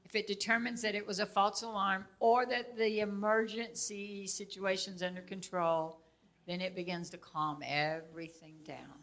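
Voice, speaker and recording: With a bright, forward, mid-range voice, an older woman teaches informally. She's an animated storyteller who draws on her own life and laughs often.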